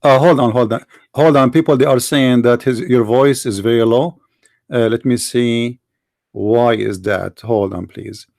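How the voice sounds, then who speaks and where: A man's voice: mid-range voice, fairly even intonation, measured pace, gravelly, darkish tone, dry recording, clean studio sound. A man with an Arabic accent hosting a live call-in debate stream, asking insistent, challenging questions. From Middle East. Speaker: debate livestream host.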